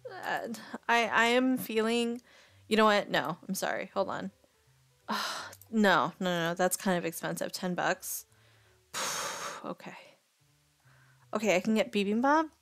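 A woman chats casually to her stream, rambling and second-guessing herself as she thinks aloud. Her voice sits in a middle register and is recorded close and dry, with soft music playing faintly behind her. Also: medium pitch, no room sound. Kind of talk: casual live-stream chat.

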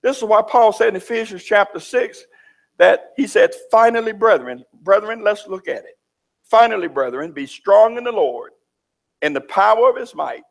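Gravelly preacher man. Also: high voice, moderate pace. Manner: folksy, animated preaching with Southern turns of phrase. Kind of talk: sermon. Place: church.

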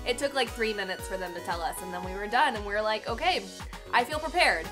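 A woman's voice: medium pitch, fast talker, over music. A young woman chatting to her camera in a giggly, self-mocking way, telling a story to her viewers. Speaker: vlogger. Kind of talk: casual chat to camera. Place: indoors, sitting on a cardboard box.

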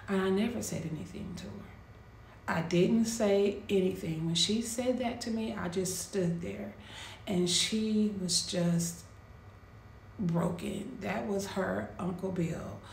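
A woman with a gravelly, fry-laced voice tells a painful personal story, slow and quietly intense with heavy pauses. She sits in an echoey room with a faint hum of ambient noise. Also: mid-range voice.

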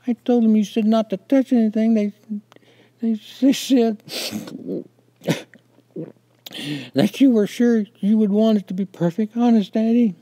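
A man's voice: high-pitched, steady tone, moderate pace, warm tone, dry recording, voice pushed up, close to an everyday voice. A man voicing a three-year-old boy who stammers and pleads through tears with his father. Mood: pleading.

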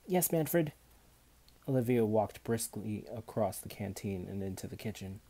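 A man reading a children's novel aloud in an unhurried, even storytelling manner. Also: on the low side, creaky, husky. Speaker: audiobook reader.

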